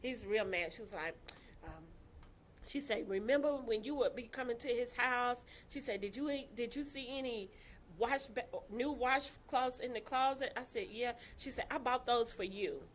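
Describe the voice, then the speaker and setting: Animated woman telling a story. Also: a little high, normal speed, slight background noise. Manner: animated, laughing, acts out quoted voices. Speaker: guest telling her story. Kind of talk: casual storytelling chat.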